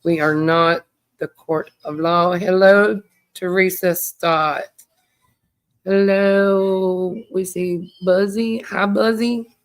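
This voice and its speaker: A woman hosts a casual true crime livestream and talks slowly and easily, taking her time. Her voice is smooth and clear. She sounds tired and rambles as she chats with viewers and greets them by name. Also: fairly low pitch, steady tone.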